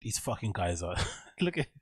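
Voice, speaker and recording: A man's voice: lowish voice, slightly rough, no echo, clean studio sound. A man giving rambling, profane reaction commentary as host, laughing often.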